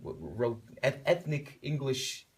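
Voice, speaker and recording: Slow-talking Lithuanian-accented man. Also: mid-range voice, big pitch swings, slight background noise. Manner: slow, searching for words, many restarts. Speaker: singer, contest entrant. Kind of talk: casual interview.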